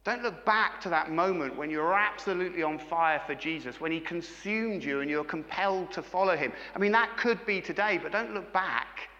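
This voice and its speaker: A man's voice: sits high, normal speed, hardly any pauses, sharp tone, big-room sound, dull audio. A middle-aged man preaching a sermon, engaging his congregation with frequent questions. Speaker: pastor.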